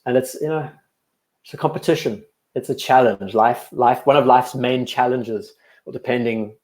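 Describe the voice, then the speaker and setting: A young man with a blend of South African and English accent, hosting a live stream and chatting casually with viewers in a rambling, relaxed way from an echoey room. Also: medium pitch. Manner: relaxed, rambling, answers chat questions between watch remarks. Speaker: watch channel host on a live stream.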